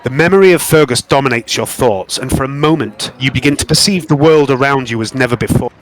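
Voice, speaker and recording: A man's voice: medium pitch, rough recording. Man narrating with grand drama. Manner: slow, dramatic descriptive narration. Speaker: game master. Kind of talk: narrating a tabletop game.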